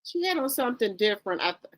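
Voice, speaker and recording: A woman chats through celebrity gossip straight to her viewers, her fairly high voice swinging wildly between shocked highs and low asides. She reacts with loud, blunt disbelief and swears freely, and the sound is close and dry. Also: big pitch swings, fast talker, no echo. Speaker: gossip channel host. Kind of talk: casual celebrity gossip commentary.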